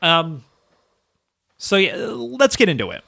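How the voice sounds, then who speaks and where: A man co-hosting a podcast in casual chat, animated and swearing, often acting out scenes in silly voices. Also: sits high, slow, creaky, dry recording, clean studio sound. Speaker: podcast co-host.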